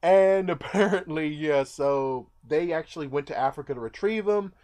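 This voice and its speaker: A man's voice: a little high, normal speed, a little mellow. A man casually recapping a movie in a rambling way, now and then acting out the characters' lines. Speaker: movie reviewer.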